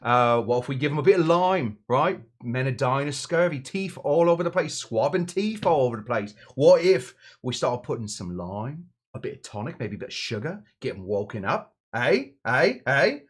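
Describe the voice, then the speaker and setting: A man voicing a brash, chummy male English naval officer with a put-on English accent, pitching ideas to his mates. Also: sing-song, normal speed, few pauses, slightly rough.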